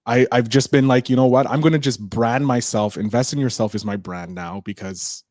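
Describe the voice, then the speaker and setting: Guy chatting about his podcasts, quick excited bursts, trips over words, dry close sound. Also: medium pitch, no room sound. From Canada. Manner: animated, fast bursts, many restarts. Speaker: podcaster guest. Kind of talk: casual interview chat.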